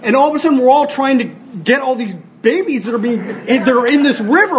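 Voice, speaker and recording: Man, high-pitched, earnest speaker at a recovery meeting; animated storyteller who restarts often. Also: fast, slight background noise. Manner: storytelling, animated when acting out scenes. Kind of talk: personal share with told stories.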